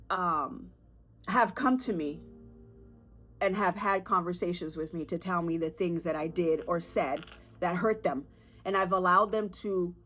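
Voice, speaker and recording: A woman in her thirties, perhaps with a lilt, hosting a personal podcast in an earnest, emotional way, with halting restarts and fillers. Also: fairly low pitch, sharp tone. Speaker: podcast host.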